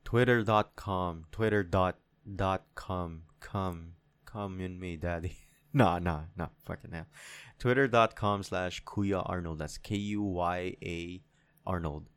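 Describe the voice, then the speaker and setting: A young man hosting his own solo podcast, rambling in a casual, profane monologue that swings into animated rants. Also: low-pitched, slow pace, smooth, dry recording. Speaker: podcast host. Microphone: studio mic.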